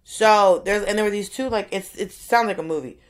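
Woman co-host, thirties, comedic storyteller, mid pitch, does little voices mid-anecdote. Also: a little fast. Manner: animated storyteller, acts out voices. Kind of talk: casual comedic chat.

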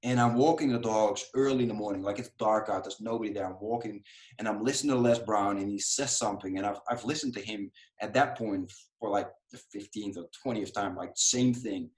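A man with a fairly low voice shares a personal story as a podcast guest, candid and animated. He often drops in "dude" and "right?" as he talks. His words come across in a roomy, echoing space at home. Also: brisk. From Europe. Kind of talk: casual storytelling. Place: home room.

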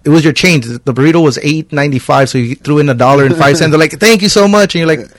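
A man's voice: a little high, steady tone, very fast, no echo. A man who is a guest on a podcast, speaking in a laid-back way and swearing casually.

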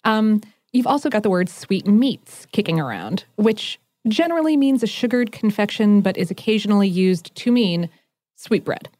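A woman's voice: mid-range voice, big pitch swings, normal speed, dark tone, dry recording. A woman co-hosting a casual chat, enthusiastic and fond of explaining word origins. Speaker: podcast co-host.

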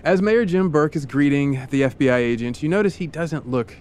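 A man's voice: fairly high pitch, a little fast, a little mellow, smooth. A man hosting a podcast, telling a true story in the second person and playfully acting out the people in it. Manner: vivid, playful, acts out side characters with funny voices. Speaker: podcast host.

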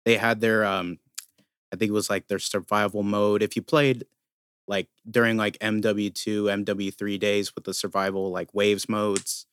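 Low voiced guy rambling about games on a podcast, dry close sound. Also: flat delivery, normal speed, a bit bright, clean tone, dry recording. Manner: rambling, explains at length with fillers. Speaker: podcast co-host. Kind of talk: casual gaming podcast chat.

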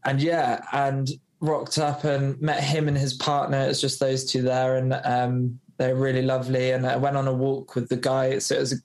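A man's voice: mid-range voice, completely flat delivery, normal speed, hardly any pauses. A man, a podcast guest, telling a personal story in a loose, rambling way, full of fillers and acted-out dialogue. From United Kingdom. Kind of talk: storytelling in a casual interview.

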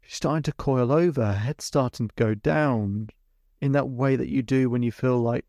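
Man, middle-aged, podcast host, gravelly voice, dry close mic, storytelling monologue. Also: mid-range voice, normal speed, a little mellow, dry recording. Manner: recounts a client session step by step, then explains.

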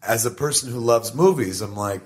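Profane, animated middle-aged man. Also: mid-range voice, normal speed. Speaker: guest. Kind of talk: casual podcast conversation.

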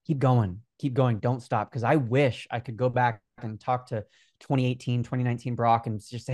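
Young male guest, twenties, mid-pitched, earnest and energetic, dry close mic. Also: normal speed, no room sound. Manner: energetic, earnest, many fillers. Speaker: guest, Instagram growth coach. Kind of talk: casual interview talk.

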